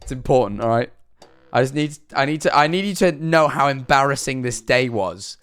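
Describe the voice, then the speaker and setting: A man's voice: medium pitch, lively intonation, moderate pace, fairly bright tone, clean tone, soft background music. A young man streaming, telling an embarrassing story in a rambling, self-deprecating way, his throat sore. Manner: rambling, self-deprecating, frequent restarts and "all right?". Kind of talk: casual storytelling to chat.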